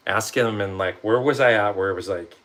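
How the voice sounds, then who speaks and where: In a loose motivational vlog, a man with a lowish voice talks briskly, rambling and cursing frequently. He animates quotes from himself and others by switching into different voices.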